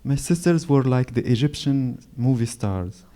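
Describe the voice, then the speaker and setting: This is a slow-talking Moroccan man in his forties, an author telling reflective stories at a literary event. Moroccan Arabic is his first language; his medium-pitched voice is expressive and warm, though he often pauses, restarts and gropes for words.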